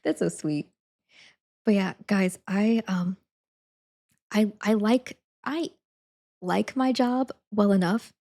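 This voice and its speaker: A woman's voice: medium pitch, slow pace, long pauses, dark tone. A young adult woman chatting casually on a live stream, laughing often, saying "like" a lot and thanking viewers again and again.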